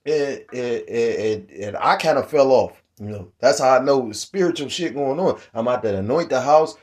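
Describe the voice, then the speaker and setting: With a mid-range, expressive voice at normal speed, a middle-aged man offers religious commentary. He rambles through scripture and current events, heated, profane and full of restarts.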